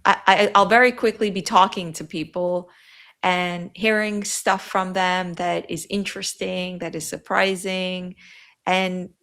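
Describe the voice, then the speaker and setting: A woman's voice: fairly low pitch, level tone, measured pace, fairly bright tone. A woman with a Yiddish accent, Yiddish as her first language, chatting as a podcast guest and often breaking off mid-sentence. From New York, USA. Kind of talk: podcast conversation.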